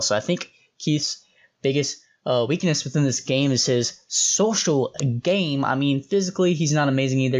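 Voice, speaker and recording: A young man at a middle pitch giving casual, opinionated commentary. He rambles with slangy asides and restarts, keeping a relaxed conversational flow. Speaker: host reviewing reality show contestants.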